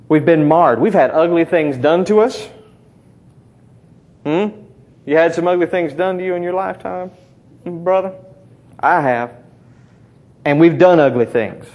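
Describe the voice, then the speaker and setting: A man's voice: fairly high pitch, expressive, a little slow, long pauses, a little mellow, lo-fi sound. A middle-aged man preaching a sermon, talking conversationally and teasing the congregation with call-and-response. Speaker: pastor.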